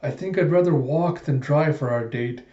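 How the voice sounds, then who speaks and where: A man's voice: on the high side, normal speed, mellow, reverberant, highs cut off, natural voice. A man voicing a polite, flustered young wife, prim and earnest.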